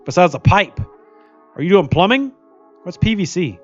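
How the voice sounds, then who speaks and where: Sitting high and sing-song, this man's voice comes at a normal speed through dull audio, with soft background music. He plays a mobile game on a live stream, chatting and joking loosely, often laughing and reading out comments from viewers.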